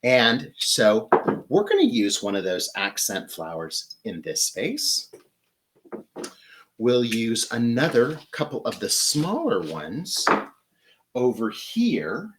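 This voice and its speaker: A man's voice: mid-range voice, wildly swooping pitch, takes it slowly, noisy background. A man hosting a flower-arranging demonstration in his home flower studio, talking in an upbeat, enthusiastic teaching manner. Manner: upbeat, enthusiastic instructional talk. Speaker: florist host.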